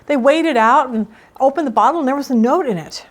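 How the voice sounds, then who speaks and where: A woman's voice: high voice, a little fast. A middle-aged woman teaching a Bible study in a casual, emphatic, storytelling way.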